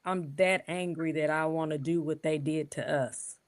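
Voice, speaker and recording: A woman's voice: sits low, fairly even intonation, normal speed. A woman speaking earnestly as a guest in a casual panel chat.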